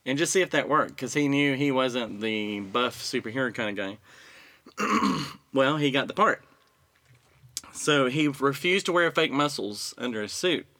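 A man recounting a story in an easygoing, conversational way. His voice sounds bright and forward, and he clears his throat now and then as he goes. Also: medium pitch, animated, a little slow. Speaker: podcast co-host telling a story. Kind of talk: casual chat.

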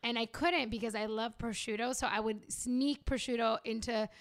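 A woman with a higher voice speaks at a normal pace as she co-hosts a podcast. She tells stories with lots of animation, acting out what people said, in a casual, chatty way.

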